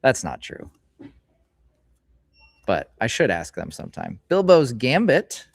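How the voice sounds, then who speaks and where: A middle-aged man hosts a casual live stream, chatting in a rambling way and reading card names aloud slowly. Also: mid-range voice, big pitch swings, gravelly, slightly rough, dry recording. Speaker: streamer host. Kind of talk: casual live-stream chat while opening card packs. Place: hobby store, indoors.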